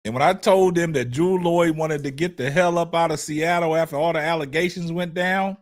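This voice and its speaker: A man hosting a casual sports call-in livestream, speaking in a loose style, animated and repetitive, hoarse and choked up, answering the chat as he goes. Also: a little high, moderate pace. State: choked up, coughing. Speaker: livestream sports show host.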